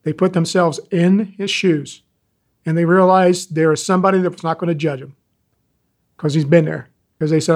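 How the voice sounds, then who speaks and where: A man in his sixties, an animal rescuer telling stories in an interview, animated and folksy. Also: fairly high pitch, normal speed. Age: 60s. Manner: animated, folksy storyteller, acts out quoted callers. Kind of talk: interview talk, storytelling.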